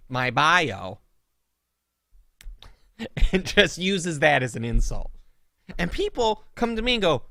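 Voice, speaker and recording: Animated, mocking young man ranting. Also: sits high, slow, pauses often, no room sound. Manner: animated, mocking, swings into loud sarcastic outbursts. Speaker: podcast co-host. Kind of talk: casual comedic rant.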